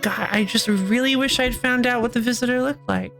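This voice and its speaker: Brief: female game streamer, casual rambling commentary, slightly high and bright. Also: steady tone, a little fast, soft background music. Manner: rambling, playful, laughs often. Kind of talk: casual let's-play commentary.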